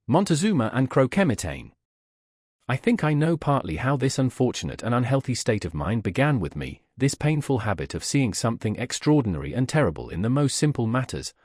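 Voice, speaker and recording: A man narrating a classic story in an audiobook style, his husky voice rising and falling with lively expression. The sound is close and dry, with no room echo. He reads with clear, storytelling care. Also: mid-range voice. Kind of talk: scripted narration of a classic tale.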